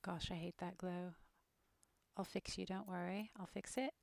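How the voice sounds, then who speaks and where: A British woman streaming as she works on an animated scene, muttering to herself and often dropping into a whisper. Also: lowish voice, moderate pace, vocal fry, dry recording. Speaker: streamer making an animated game-character video. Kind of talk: casual narration while working.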